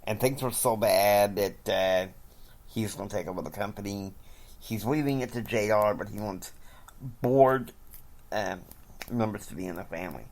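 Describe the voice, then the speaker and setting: A man's voice: lowish voice, moderate pace, a little mellow. A man casually narrating an invented drama, rambling through it scene by scene. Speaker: storyteller.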